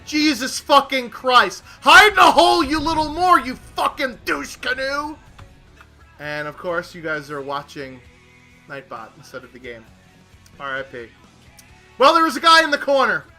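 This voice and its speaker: A man streaming a shooter game, yelling and swearing in fury at his teammates and the game. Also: extremely high pitch, very animated, a little slow, long pauses, faint music behind. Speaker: gaming streamer. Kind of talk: angry live gameplay commentary.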